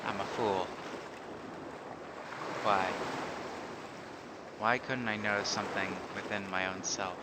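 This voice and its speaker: A man reading aloud as a young sea witch girl who blames herself, in a quiet, low, halting lament. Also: steady tone, very noisy. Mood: sorrowful. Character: young sea witch girl, grief-stricken and self-blaming. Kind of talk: reading game dialogue aloud. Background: game music.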